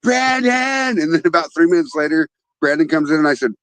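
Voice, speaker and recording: A man from Wyoming hosting a casual chat, telling stories in a loud, profane, animated way. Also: fairly high pitch, rapid-fire, no room sound, poor audio. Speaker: podcast host.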